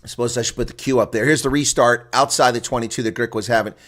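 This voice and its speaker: Man, mid-range voice, solo live rugby reaction caller, excitable and chatty. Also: mid-range voice, fast. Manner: excitable, exclaiming, chatty asides to viewers. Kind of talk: live reaction play-by-play commentary.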